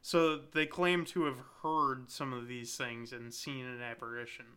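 Bright, crisp-voiced male podcast host. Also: medium pitch, unhurried. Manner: relaxed storytelling, hedging with "you know" and "uh". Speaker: podcast host presenting haunted places. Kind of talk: casual podcast chat.

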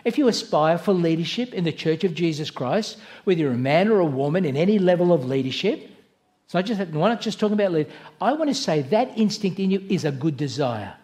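A man's voice: fairly high pitch, sing-song, fast, darkish tone. A man preaching a sermon as pastor, earnest and conversational, with asides and self-corrections. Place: church.

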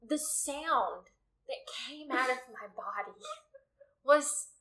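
A woman's voice: high voice, slow, poor audio. A young woman in casual book chat, retelling scenes dramatically and acting out the characters' lines. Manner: animated, dramatic retelling with quoted voices. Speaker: book discussion co-host.

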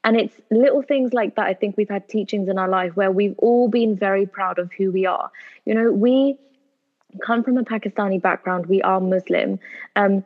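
A woman's voice: mid-range voice, normal speed. A woman, a podcast guest giving earnest answers and repeating phrases for emphasis. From United Kingdom. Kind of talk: earnest conversational interview answers. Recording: tinny phone-like line.

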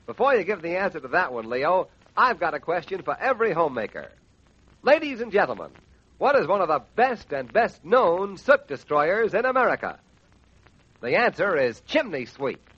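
A man announcing on a radio show, reading a brisk hard-sell advertisement, on a dull lo-fi 1940s radio recording. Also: sits high, very animated, breathy edge. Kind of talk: radio ad read.

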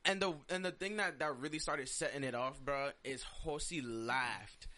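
A man's voice: medium pitch, moderate pace, background noise. A young man chatting on a podcast, laid-back and saying "bro" a lot. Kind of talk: casual storytelling chat.

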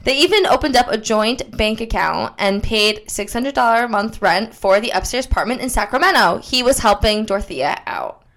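A giggly, playful woman co-hosting a podcast, tipsy and a little high. Her voice sits fairly high and swings widely in pitch as she chats and tells the story. She talks in an animated, loose way. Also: moderate pace, hardly any pauses. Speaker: podcast co-host. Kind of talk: casual chat, storytelling.

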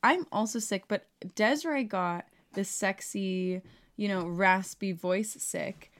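A woman's voice: medium pitch, slow pace. Congested, nasal woman podcast host. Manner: bubbly, laughing often. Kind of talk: casual chat.

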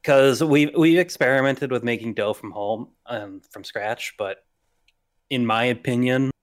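A man's voice: medium pitch, unhurried, no room sound, studio quality. A young man with a slight Long Island accent, co-hosting a casual podcast debate, blunt and opinionated and swearing freely. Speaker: podcast co-host.

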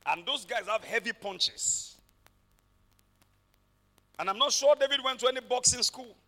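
A man preaching a sermon, telling stories dramatically and rising to shouted peaks. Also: extremely high pitch, expressive, unhurried.

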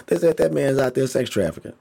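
A man's voice: mid-range voice, lively intonation, quick pace, creaky, dark tone. A man giving a casual, emphatic opinion rant, repeating himself for stress, using slang and swearing a lot. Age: adult. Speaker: vlogger.

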